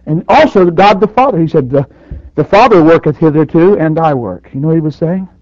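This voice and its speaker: A man preaching a sermon, surging loud on his points and dropping to near quiet, with dynamic swings in force. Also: on the high side, lively intonation, a little fast, no room sound. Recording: dull dry lo-fi recording.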